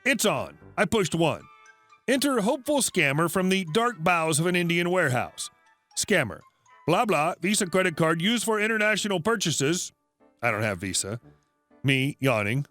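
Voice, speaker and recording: A man with a high voice narrates a story, his pitch swinging widely as he goes. His delivery is wry and sarcastic, and he drops into little character asides along the way. Soft music plays faintly underneath. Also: big pitch swings, moderate pace. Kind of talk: scripted narration.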